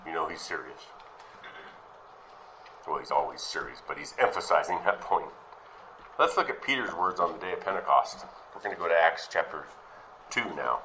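A man's voice: low voice, lively intonation, moderate pace, pauses often, noisy background. A man teaching a sermon, reading Bible passages aloud and then questioning and explaining them.

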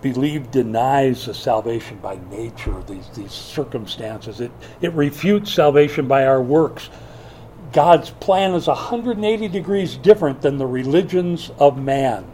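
An older man preaching a sermon in a church, swinging from loud bursts to hushed asides. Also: mid-range voice, lively intonation, a little slow, slight background noise. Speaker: pastor.

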